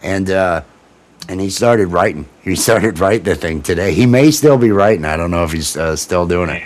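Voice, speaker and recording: A man hosting a casual livestream, talking in a loose, rambling way with swearing and excitable restarts. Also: deep voice, moderate pace. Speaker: livestream host. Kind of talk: casual chat.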